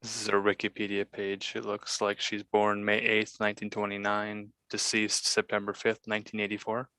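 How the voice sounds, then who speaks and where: A man with a Midwestern American accent talks in a relaxed chat, slow and deliberate in his diction. His voice sits low and bright, with a crisp, clear tone. The sound is dry, with almost no room reflection. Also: no echo. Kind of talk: casual chat.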